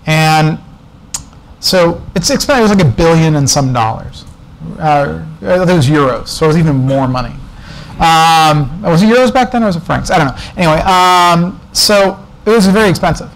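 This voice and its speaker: A man with a slightly higher voice gives a relaxed conference talk to a developer audience. He tells stories loosely, wandering into side remarks and quick jokes. A faint hum of room noise sits underneath. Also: rough recording. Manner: casual, digressive, with asides and jokes. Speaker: guest speaker at a developer meetup. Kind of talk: conference talk, anecdotal storytelling. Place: presentation room before an audience.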